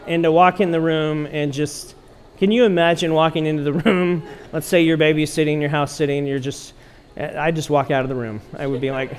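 A man's voice: fairly high pitch, fairly quick, slight background noise. A middle-aged man preaching a sermon as pastor, telling stories playfully and acting out quotes. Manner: animated, playful storytelling with acted quotes.

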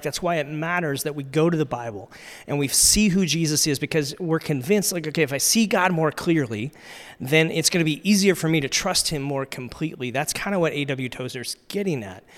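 A male pastor delivers a sermon in a loose, conversational manner, his voice sitting a little higher than most men's. He leans on fillers and repeats himself as he works through the passage. The sound carries a long reverb tail from a large church hall. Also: a bit bright.

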